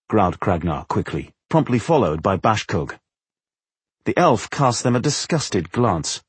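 A man narrating a fantasy audiobook in an expressive storytelling manner, with a husky voice. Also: low-pitched, dry recording.

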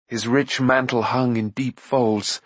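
A man narrating a fantasy novel aloud with an even storytelling delivery. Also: medium pitch, slow, husky, no room sound. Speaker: audiobook narrator. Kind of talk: scripted narration.

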